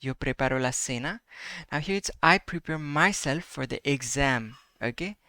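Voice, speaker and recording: A man teaching a Spanish grammar lesson, his voice bright and forceful and recorded up close with a dry sound. He repeats each example slowly and keeps checking in with "right?" and "okay?". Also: medium pitch, animated, no echo.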